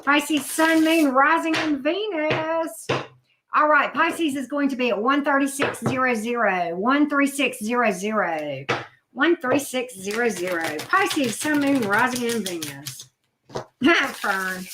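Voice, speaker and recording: A woman's voice: sits high, lively intonation, takes it slowly, noisy background. Chatty blunt woman reading tarot. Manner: chatty, blunt, talks straight to viewers. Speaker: tarot reader. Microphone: video camera.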